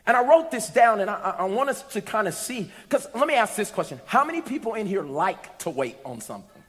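High-voiced male preacher in echoing hall. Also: big pitch swings, fairly quick. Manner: storytelling, rising to shouts and sing-song. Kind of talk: sermon. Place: church.

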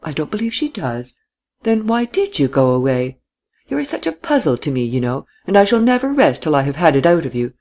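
A man voicing a lively young widow who speaks in high, distinct, teasing tones. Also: a little fast.

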